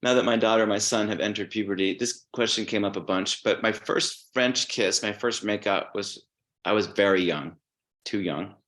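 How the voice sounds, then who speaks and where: A man talking as a podcast guest, telling stories in a relaxed way and swearing casually. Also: on the low side, moderate pace. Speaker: guest musician.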